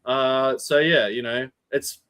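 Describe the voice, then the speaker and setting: An Australian man in casual podcast chat, swearing freely as he tells an animated story. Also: mid-range voice, slow, clear, resonant tone.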